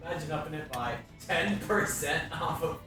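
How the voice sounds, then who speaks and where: A man's voice: fairly high pitch, lively intonation, normal speed. A man chatting offhand during a tabletop game session. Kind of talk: casual side chat. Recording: roomy distant mic with loud music.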